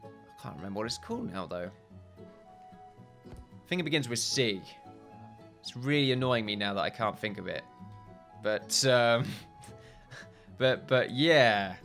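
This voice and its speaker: A tired man talks his way through a building game in a loose, rambling let's-play chat, forever correcting himself and chuckling. His voice is bright and lively, swinging up and down in pitch. Soft game music plays underneath. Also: measured pace, pauses often. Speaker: gaming video host. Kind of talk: casual let's-play commentary.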